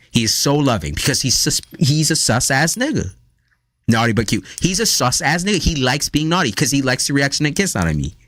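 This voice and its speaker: A man's voice: medium pitch, fairly bright tone, dry recording. Loose, profane storytelling man. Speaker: live stream tarot reader. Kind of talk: casual live stream chat.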